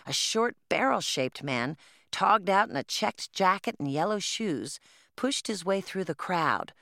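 A woman's voice: low voice, a bit bright, no echo, clean studio sound. Woman narrating a first-person story. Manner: plain storytelling, first person as a twelve-year-old girl. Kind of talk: audiobook narration.

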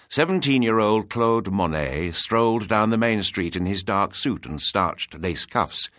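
A man narrating a storybook in an expressive, descriptive reading. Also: deep voice, no room sound, clean studio sound.

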